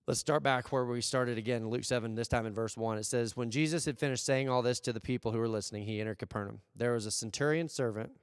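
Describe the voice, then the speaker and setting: A man's voice: mid-range voice, clear, resonant tone. American male pastor, conversational sermon, rhetorical questions, dry close voice, long hall reverb. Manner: conversational preaching with rhetorical questions and playful acted asides. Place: church service.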